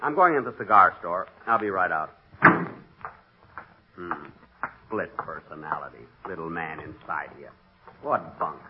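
A man's voice: sits low, unhurried, long pauses, noisy background. A man starring in a 1940s radio comedy, talking in an exasperated, bickering way. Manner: exasperated, arguing with himself. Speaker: comedy star of the show. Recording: lo-fi old radio broadcast.

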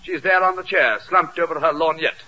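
A man's voice: a little high, brisk, sharp tone, highs cut off, faint music behind, pitched below the performer's own voice. A man voicing a pompous middle-aged English barrister who narrates in a plummy, melodramatic way, on a hissy old radio recording.

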